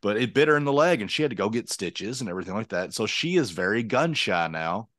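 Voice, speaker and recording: A man with a Southern accent chatting casually as a podcast co-host, telling animated stories full of restarts. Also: on the low side, quick pace, no room sound, clean studio sound. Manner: animated storyteller who acts out voices and rambles with restarts. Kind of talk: casual chat.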